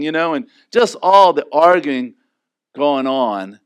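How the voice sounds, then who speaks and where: A man preaching a sermon as pastor, animated and acting out quoted lines in raised voices. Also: fairly high pitch, measured pace, clean tone.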